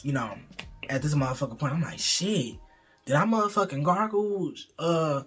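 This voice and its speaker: A man's voice: fairly high pitch, moderate pace, breathy edge, soft background music. A young man tells a candid, profane, rambling storytime in casual chat. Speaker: vlogger.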